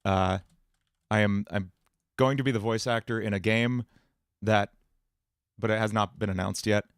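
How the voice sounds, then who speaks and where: A man's voice: fairly low pitch, fairly even intonation, moderate pace, clear, resonant tone, no room sound, studio quality. A man chatting casually on a livestream as a streamer and musician, in a rambling, jokey way with frequent restarts.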